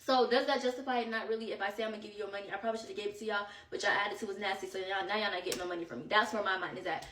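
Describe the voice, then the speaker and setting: A woman telling a vacation story in casual storytime style, animated and slangy, slightly out of breath. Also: mid-range voice, very fast, hardly any pauses, distant mic, slight background noise. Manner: animated, slangy, quoting friends in bursts. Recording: echoey room, voice set back from mic.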